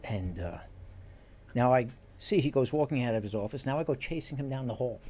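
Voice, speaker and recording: A man, a former police detective and podcast guest, telling an animated anecdote in casual chat and acting out what people said. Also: mid-range voice, brisk.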